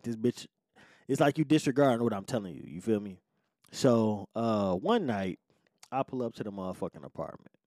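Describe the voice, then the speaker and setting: A man's voice: lowish voice, a little mellow, dry recording, studio quality. A man around forty, a podcast host, telling a personal story in a blunt, laid-back, profane way and often asking "you know what I'm saying". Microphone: podcast microphone.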